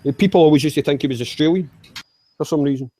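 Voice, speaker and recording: Mellow-voiced man in casual chat. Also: a little high, quick pace, no echo. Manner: hesitant, repeats words.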